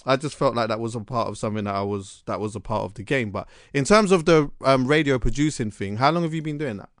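A man, hosting a podcast and telling stories in an animated, slangy way. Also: medium pitch, fast talker, no room sound, clean studio sound. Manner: animated storytelling with slang and restarts. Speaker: podcast host. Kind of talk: casual chat.

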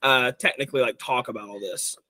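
A young man narrating as dungeon master, explaining choices in a relaxed, rambling way. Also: medium pitch, a little fast, no room sound. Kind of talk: narrating a tabletop game.

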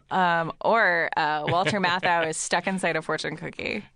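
Low-voiced woman rambling through a plot. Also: unhurried, a bit bright, slight background noise. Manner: rambling, giggly, many fillers and restarts. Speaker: podcast co-host. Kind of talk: casual chat, retelling a movie plot.

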